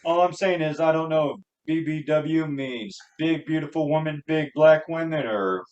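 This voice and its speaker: A man's voice: fairly high pitch, moderate pace. Laid-back man with a dull, lo-fi sound. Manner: laid-back, agreeable, deadpan quips. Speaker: podcast co-host. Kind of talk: casual drunk banter.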